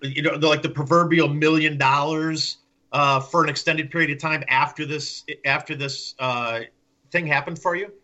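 A man's voice: fairly high pitch, fairly even intonation, normal speed, pushed and bright, dull audio. A man hosting an interview, asking long questions in a rambling way as he searches for words. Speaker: interview host.

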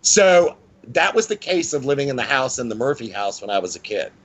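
Animated male storyteller. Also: a little fast, slightly rough, lo-fi sound. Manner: animated, with frequent pitch swings and restarts. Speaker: guest. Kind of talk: storytelling in conversation.

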